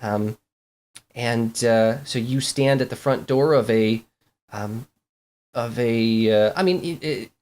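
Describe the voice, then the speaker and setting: A game master narrating a tabletop game in a halting way, full of restarts. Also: mid-range voice, a little mellow.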